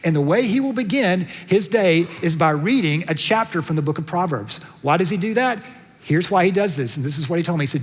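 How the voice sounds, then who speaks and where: Animated Southern pastor in a reverberant hall. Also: male voice, high-pitched, fairly quick, breathy edge. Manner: animated storytelling, acts out the characters' lines. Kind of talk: sermon.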